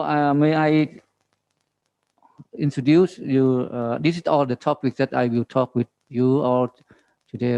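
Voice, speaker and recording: Man, Thai accent, gravelly, monotone, halting speech, dull dry audio. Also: mid-range voice, no room sound. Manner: halting, many fillers, reading slides. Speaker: government forestry official presenting. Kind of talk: conference presentation with slides.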